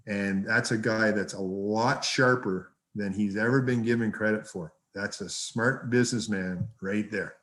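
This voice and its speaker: A man, a hockey coach, telling lively anecdotes as a podcast guest and swearing freely. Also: fairly low pitch, unhurried, few pauses. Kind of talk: casual storytelling.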